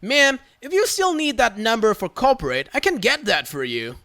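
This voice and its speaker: A narrator voicing a sweet, calm older woman who works in a store, speaking gently in a storybook tale. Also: medium pitch, moderate pace, no echo, studio quality, pitched above the performer's own voice. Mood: soothing. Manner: gentle, soothing.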